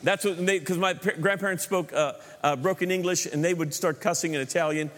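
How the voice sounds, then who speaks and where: High-voiced preacher in a reverberant hall. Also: male voice, fairly even intonation, a little fast, fairly bright tone. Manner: repeats words while building points, jokes with the congregation. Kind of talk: sermon with humor. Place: large church hall.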